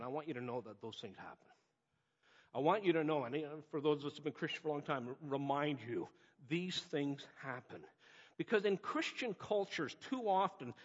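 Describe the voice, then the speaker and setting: Husky high-voiced man preaching in reverberant hall. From North America. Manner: earnest, emphatic preaching with repeated phrases. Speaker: pastor. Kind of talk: sermon. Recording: dull lo-fi audio with long hall reverb.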